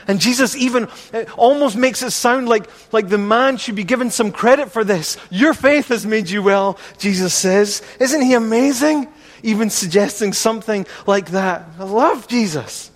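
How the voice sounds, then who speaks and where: A man's voice: high voice, moderate pace, in a large hall. A man preaching a sermon as pastor, earnest and repetitive, asking the congregation rhetorical questions.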